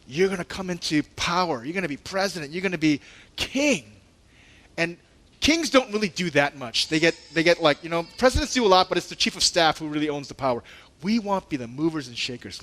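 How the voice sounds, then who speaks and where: A male pastor preaching a sermon in a conversational way, laughing and joking, and acting out the disciples' indignant lines in a raised voice. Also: on the high side. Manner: conversational and animated, with laughs and asides.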